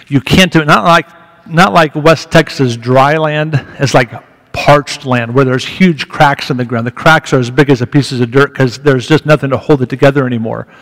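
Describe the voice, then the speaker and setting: Speaking as a guest at a church, a man tells the congregation a story candidly and conversationally, building with rising emphasis. His mid-range voice is a bit bright and moves at normal speed, echoing in a reverberant church hall.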